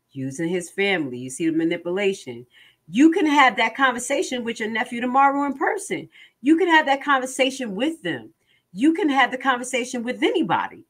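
A woman commentator reading out court transcripts and reacting to them with emphatic rhetorical questions. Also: a little high. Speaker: online commentator.

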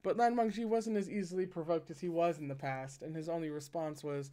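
A man's voice: fairly high pitch, brisk, few pauses. A man reading a novel aloud and breaking off into casual commentary. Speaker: reader and commentator.

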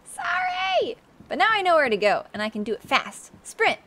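Fast and sing-song, a woman's slightly high, fairly bright voice carries a casual livestream of her own game in a sunny room. She chats, jokes at her own expense, and talks to whatever appears on screen.

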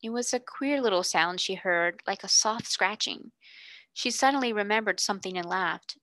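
A woman reading a classic children's story aloud in calm, measured narration. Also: medium pitch, no echo. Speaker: reader.

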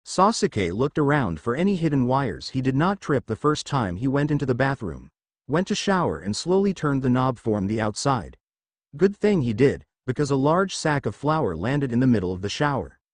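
Male fan fiction reader, brisk plain storytelling, dry close sound. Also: mid-range voice, very animated, no room sound. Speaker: narrator. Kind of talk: reading fan fiction aloud.

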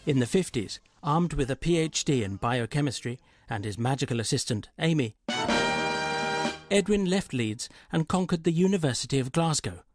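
A man's voice: mid-range voice, animated, normal speed, over music. A man reading scripted documentary narration in a wry, polished way.

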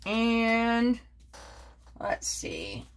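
A woman's voice: a little high, wildly swooping pitch, very slow, clean tone. An older woman chatting casually in a crafting vlog, rambling through her projects with many fillers and self-corrections. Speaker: crafting vlogger. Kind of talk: casual show-and-tell chat.

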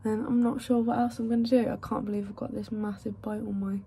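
A woman's voice: medium pitch, little pitch movement, fast, dark tone, a little hiss or hum. A young woman, chatting casually to camera in a rambling vlog with frequent laughs. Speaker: vlogger.

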